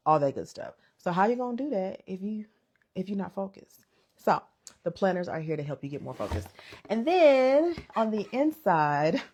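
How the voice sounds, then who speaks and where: A woman's voice: fairly low pitch, a little mellow. A young woman chatting casually to her viewers on a livestream, calling them y'all and sis. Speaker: content creator going live.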